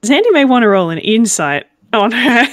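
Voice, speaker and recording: A woman narrating as game master in a tabletop game, gently and with laughter. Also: on the high side, very animated, normal speed, no room sound, studio quality.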